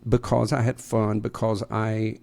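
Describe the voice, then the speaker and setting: A man's voice: lowish voice, level tone, a little slow, vocal fry, a little mellow, faint music behind. A middle-aged man co-hosting a podcast, telling stories in a sarcastic, casual way. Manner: sarcastic, storytelling. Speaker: podcast co-host. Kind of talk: casual conversation.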